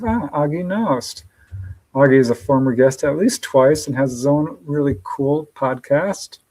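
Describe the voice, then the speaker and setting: A man's voice: medium pitch, warm tone, low-quality recording. A man hosting a live podcast stream, upbeat and chatty, greeting viewers by name and laughing often. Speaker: podcast host. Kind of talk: casual livestream chat.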